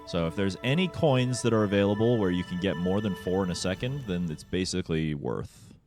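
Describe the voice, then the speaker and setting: A man's voice: low voice, fairly quick. Laid-back man narrating a speedrun. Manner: relaxed, joking, talks to chat. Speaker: speedrunner streamer. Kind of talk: casual gameplay commentary. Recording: faint game music behind.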